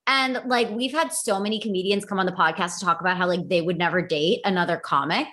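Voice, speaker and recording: A woman's voice: on the low side, quick pace, fairly bright tone. A young woman hosting a podcast, asking curious questions in a chatty way. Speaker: podcast host. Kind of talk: casual interview chat.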